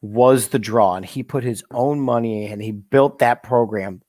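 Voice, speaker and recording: A man co-hosting a casual sports talk show, giving blunt opinions in an animated way. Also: medium pitch, measured pace, no room sound, clean studio sound.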